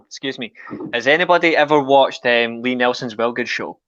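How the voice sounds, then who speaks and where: A man's voice: medium pitch, normal speed, fairly bright tone, no room sound, muffled recording. A man on a football podcast, chatting casually and telling stories. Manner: chatty, storytelling. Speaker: podcast guest.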